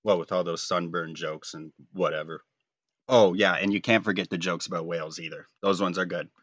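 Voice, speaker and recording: A man's voice: sits low, fairly even intonation, a little fast, fairly bright tone, dry recording, highs cut off. A man, talking casually and jokingly while drawing a comic, rambling and self-deprecating. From Canada. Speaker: comic artist.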